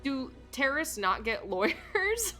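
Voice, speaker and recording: Joking woman streamer with a bright voice. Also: high-pitched, big pitch swings, a little slow, soft background music. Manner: joking, laughing asides. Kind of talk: live game commentary.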